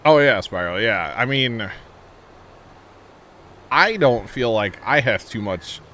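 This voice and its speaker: A livestream gamer, a man from Missouri with a St. Louis accent, talks loosely with stream viewers while playing, rambling and quick to laugh. He speaks slowly at a medium pitch, with lively intonation and a sharp tone, over a little hiss or hum.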